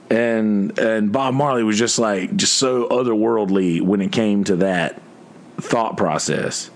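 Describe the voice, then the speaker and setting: A man's voice: fairly low pitch, takes it slowly. A man talking casually to his viewers as a musician, rambling and ranting with lots of cursing, fillers and restarts. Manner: many restarts and filler words. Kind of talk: casual livestream chat.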